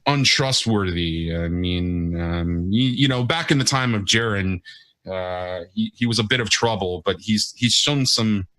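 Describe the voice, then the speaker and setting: A man voicing a drunk, gruff male caravan guard who rambles and halts in a higher, lively voice. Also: dry recording. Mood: rambling. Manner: slurred, rambling, halting.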